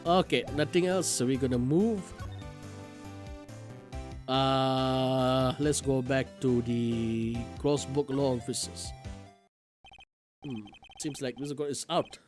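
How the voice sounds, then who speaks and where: A man's voice: medium pitch, takes it slowly, pauses often, a little mellow, soft background music. A man streaming a video game, giving casual live commentary and thinking aloud.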